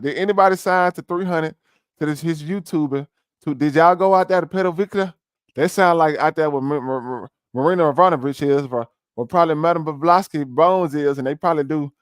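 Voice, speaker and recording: Give me a man with a fairly high voice ranting mockingly on a reaction stream, slangy and given to sudden shouts. He talks into a close desk mic in a dry room. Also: clear, resonant tone, no echo.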